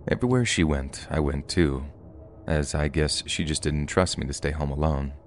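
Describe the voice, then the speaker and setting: A man's voice: extremely low pitch, moderate pace, slight background noise. A man narrating a true scary story from his childhood in a casual, conversational way. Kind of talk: first-person horror story narration.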